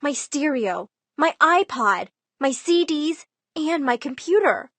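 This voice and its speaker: A woman's voice: high voice, animated, takes it slowly, fairly bright tone, no echo. Dramatic woman telling a storytime. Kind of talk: first-person storytime narration.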